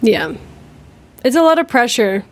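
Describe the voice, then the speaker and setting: A woman's voice: a little high, very animated, unhurried. A woman hosting a podcast in casual chat, laughing easily and giving supportive backchannels. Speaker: podcast host.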